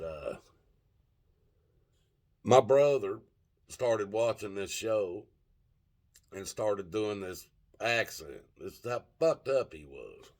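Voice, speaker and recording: An older man telling a rambling, profane story in a casual vlog, often stopping to search for words. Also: deep voice. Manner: rambling, profane, gropes for words with many fillers. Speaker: vlogger.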